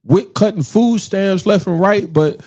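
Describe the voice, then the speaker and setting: Va guy in his 40s hosting a podcast, loud and cussing, mellow voice, kinda dull lo-fi sound. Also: sits high, measured pace. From Richmond, Virginia. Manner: loud, profane, laughing storyteller. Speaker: podcast host. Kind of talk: casual chat.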